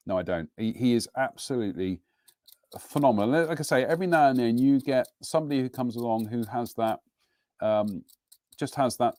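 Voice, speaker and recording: A man's voice: medium pitch, a little mellow, no room sound. A middle-aged man hosting a live model-building broadcast from his home workbench, chatting in a rambling, self-deprecating way. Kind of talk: casual live demonstration and chat.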